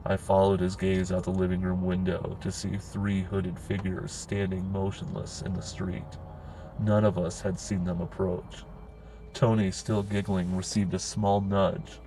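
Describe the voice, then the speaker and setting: A man narrating a horror story in a grim, steady storytelling manner. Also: deep voice, measured pace, slight background noise, poor audio.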